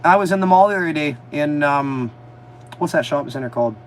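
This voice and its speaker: A man chatting on a casual livestream from a motorhome, telling animated stories with a lot of swearing and mockery. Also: on the high side, fast, a little hiss or hum, low-quality recording. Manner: animated storytelling, swearing, mocking. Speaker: livestream host. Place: inside a motorhome.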